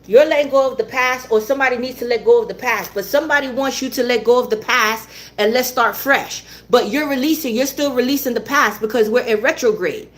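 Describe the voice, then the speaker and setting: A woman's voice: on the high side, a little fast. A woman giving a tarot reading in a blunt, repetitive way, swearing now and then. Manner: blunt, swears, repeats herself, laughs often. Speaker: tarot reader.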